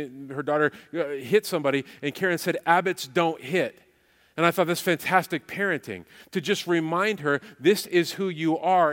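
A man's voice: fairly high pitch, big-room sound. A man preaching a sermon as pastor, emphatic and repeating phrases for weight.

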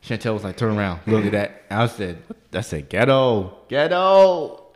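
A man co-hosting a podcast, telling a profane, animated story and leaping into high squeaky voices when he quotes people. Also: a little fast. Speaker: podcast co-host. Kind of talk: casual storytelling chat.

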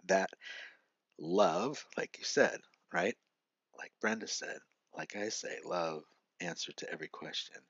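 A man's voice: low-pitched, a little slow, fairly bright tone, breathy edge, no room sound. A middle-aged man, a podcast guest, earnestly telling a personal story with frequent "right?" asides. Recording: dry, slightly muffled lo-fi audio.

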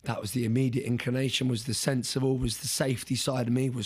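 A man telling a story as an interview guest, in a casual, animated way, repeating words and restarting sentences. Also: medium pitch, fast talker, breathy edge.

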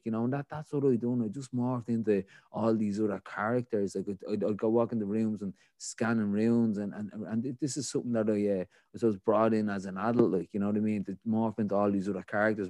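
A man's voice: lowish voice, darkish tone, no room sound, clean studio sound. A man with a Dublin Irish accent, speaking as a podcast guest and telling his own story candidly, rambling and full of "like, you know" fillers. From Ireland.

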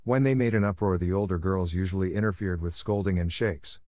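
A male audiobook narrator reading a classic novel for learners in a measured, clear voice. His voice sits a little low. The recording is dry and close-miked. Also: a little mellow, no echo. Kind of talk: scripted narration for language learners.

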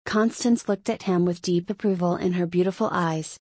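A woman narrating a classic novel as an audiobook, with measured, even reading. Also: fairly low pitch, husky, dry recording. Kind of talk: scripted narration.

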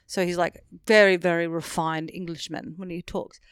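A woman co-hosts a casual film review chat, blunt and animated. Her voice is smooth and clear, recorded close and dry with no room sound. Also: fairly low pitch, normal speed, dry recording. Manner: blunt, animated, swears freely. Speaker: podcast co-host.

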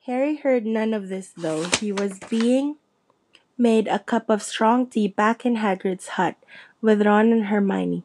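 A woman narrates a storybook chapter in a steady, expressive reading voice. Her pitch sits in the middle range, neither high nor low. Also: measured pace. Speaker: audiobook reader.

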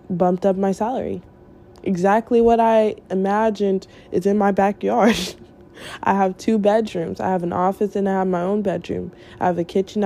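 Woman, mellow warm voice, casual motivational talk, earnest, repeats herself, laughs a lot. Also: medium pitch. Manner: earnest, repeats phrases for emphasis, laughs often. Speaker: vlogger.

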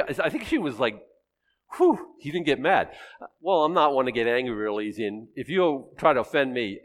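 A man in his sixties giving a conversational sermon as pastor, chatting with the congregation and poking fun at himself. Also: mid-range voice. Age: 60s. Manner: chatty, asks the congregation questions, self-teasing.

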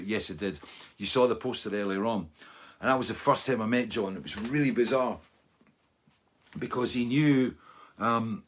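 A man's voice: lowish voice, moderate pace, pauses often, slight background noise. A Scottish man in his sixties, a musician hosting a fan Q&A show, chatting casually and rambling with lots of asides. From Scotland. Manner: loose and chatty, full of fillers and asides.

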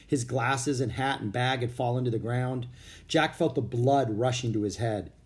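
A man's voice: mid-range voice, moderate pace. A man narrating a children's chapter book expressively, switching into voices for each character.

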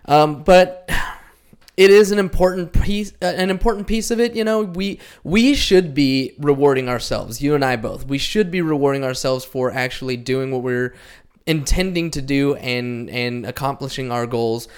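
A man co-hosting a podcast, talking in a relaxed, rambling and self-deprecating way. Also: medium pitch, moderate pace, clear, resonant tone. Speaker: podcast co-host. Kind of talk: casual podcast chat.

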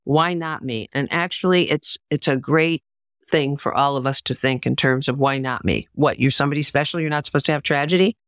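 A woman's voice: rumbling low, fairly quick, dry recording, studio quality. An older woman, a memoir author and writing teacher, telling personal stories in an interview with earnest, emphatic delivery. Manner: earnest, emphatic, acts out quoted voices. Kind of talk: interview storytelling.

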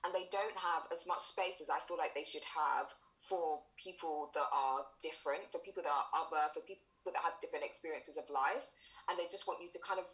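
A woman's voice: deep voice, fairly quick, a bit bright, lo-fi sound. A young woman speaking candidly in a casual conversation, acting out the lines of people she talks about. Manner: candid storytelling with reenacted quotes. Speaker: guest.

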